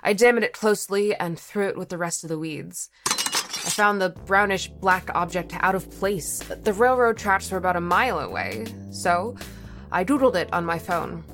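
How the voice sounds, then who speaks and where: A woman's voice: fairly low pitch, expressive, moderate pace, music in the background. A young woman from Florida narrating a first-person story in a wry, conversational way. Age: young adult.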